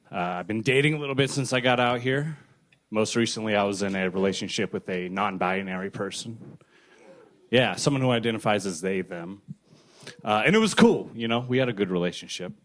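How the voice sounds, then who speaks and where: A man doing a short stand-up set, then chatting with the host on stage. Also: on the low side. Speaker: stand-up comedian.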